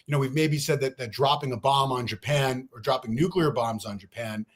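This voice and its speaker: A man making his case in a debate, emphatic and lecturing, laying out numbers and sometimes talking fast. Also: medium pitch. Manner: talks fast at times. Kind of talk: debate argument.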